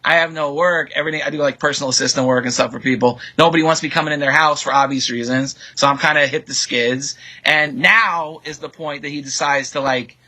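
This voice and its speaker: Man, bright ringing voice, slightly high, joking and evasive, rambling. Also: fairly even intonation, a little fast, hardly any pauses, poor audio. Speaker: roommate in a dispute. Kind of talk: casual defensive banter.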